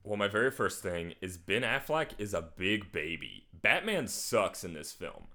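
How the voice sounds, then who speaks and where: Young guy cohost, super lively voice, goofy movie rant. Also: deep voice, unhurried, vocal fry. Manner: animated, recaps with acted voices. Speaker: podcast co-host. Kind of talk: comedic casual chat.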